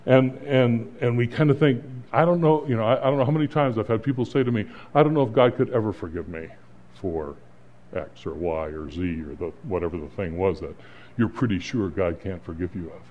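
A middle-aged man preaching as a pastor in an earnest, conversational way, pausing and restarting, then rising to emphatic points. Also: lowish voice, a little mellow, a little hiss or hum. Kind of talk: sermon. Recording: slightly dull, lo-fi sound.

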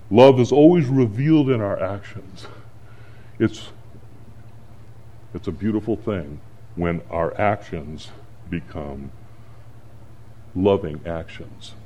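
A middle-aged man, a pastor, preaching a sermon and telling stories from his week. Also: on the low side. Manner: storytelling, animated when acting out panic.

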